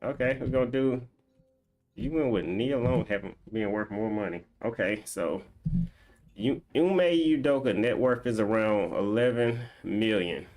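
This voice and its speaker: A man's voice: fairly low pitch, unhurried, a little mellow. A man streaming a game, chatting casually and reading viewer comments aloud as he banters with them. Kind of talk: casual live-stream chat.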